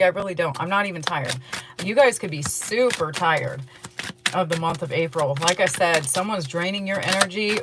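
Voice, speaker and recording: A woman's voice: on the low side, a little hiss or hum. Chatty woman giving a tarot reading. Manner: chatty, rambling, yawning often. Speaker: tarot reader. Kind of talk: casual tarot reading to camera.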